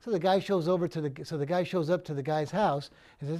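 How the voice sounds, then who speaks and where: Male sports talk host, high-pitched, casual and repetitive, studio. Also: quick pace, few pauses, a little mellow. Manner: chatty, repeats words as he talks. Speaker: sports betting show host.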